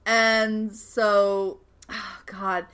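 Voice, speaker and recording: A young woman casually recapping a TV episode, animated and swearing freely as she acts out the characters' lines. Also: mid-range voice, drawn-out words, clear, resonant tone. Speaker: podcast co-host recapping a TV show. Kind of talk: casual chat.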